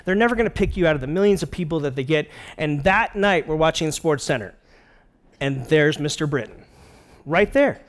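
A man's voice: a little high, lively intonation, fairly quick. A middle-aged man preaching a casual sermon, retelling a scripture story with jokes and playful quoted voices. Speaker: pastor.

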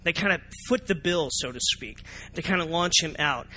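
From the front of a church sanctuary, a pastor preaches a sermon at normal speed in a slightly high, bright, forward voice. He stays animated, asking the congregation questions and acting out their reactions.

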